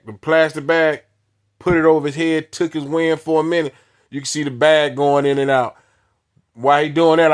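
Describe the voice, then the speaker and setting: A man telling a story in casual speech, with blunt, repeated phrasing, acting out the dialogue as he goes. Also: a little high. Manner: acts out dialogue with many quoted lines; repetitive, blunt, punchy phrasing. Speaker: storyteller recounting his past.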